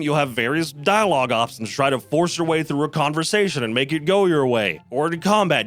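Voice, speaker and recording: Man reviewer, animated and sarcastic, swears freely, slightly high. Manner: sarcastic, profane ranting. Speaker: game reviewer. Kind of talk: scripted comedic video-game review.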